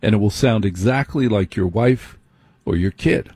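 A man's voice: lowish voice, moderate pace, dark tone, slightly rough, no room sound. A middle-aged man hosting a late-night radio talk show, speaking conversationally and putting direct questions to his listeners.

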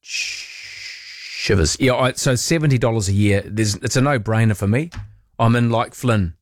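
A man's voice: mid-range voice, normal speed, no echo, clean studio sound. A man hosting a late-night talkback radio show, chatting wryly and putting questions to listeners. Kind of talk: casual talkback chat. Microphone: studio microphone.

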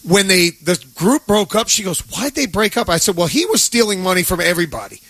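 A man's voice: sits high, quick pace, fairly bright tone, dry recording. A man co-hosting a sports radio show, talking in a laid-back, dryly joking way. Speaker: radio co-host. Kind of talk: casual sports radio chat. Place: radio studio.

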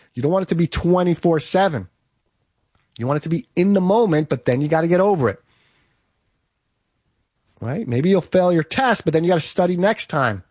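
Man, slightly high voice, dry close sound, punchy motivational talk straight to camera, lots of repetition. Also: darkish tone, dry recording. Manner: emphatic, repetitive, direct to listener. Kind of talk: motivational monologue.

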